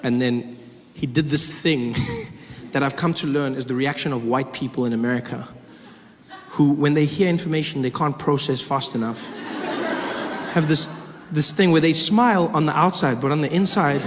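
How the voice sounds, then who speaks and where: A man doing a stand-up comedy set, telling a story with animated delivery and acted-out voices. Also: fairly high pitch, normal speed. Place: comedy club stage. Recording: echoey club with audience noise.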